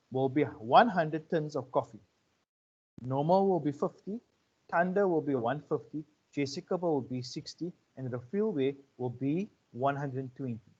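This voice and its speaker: A man giving a relaxed economics lecture, often checking in with his students. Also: medium pitch, slightly rough. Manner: conversational, checks in with 'right?' and 'okay?'. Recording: muffled lo-fi audio.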